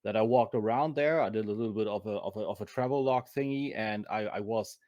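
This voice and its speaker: A man with a German accent, a podcast guest talking in a halting, casual way with many restarts. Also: lowish voice, a little mellow, dry recording, muffled recording. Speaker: podcast guest, convention vendor. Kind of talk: casual chat.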